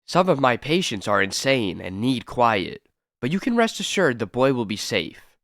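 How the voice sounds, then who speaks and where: A man's voice: medium pitch, big pitch swings, normal speed, a bit bright, dry recording, studio quality. Man doing a silky, sinister asylum doctor. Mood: sinister polite. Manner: silkily polite, veiled threats. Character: sinister male asylum doctor, smooth and menacing.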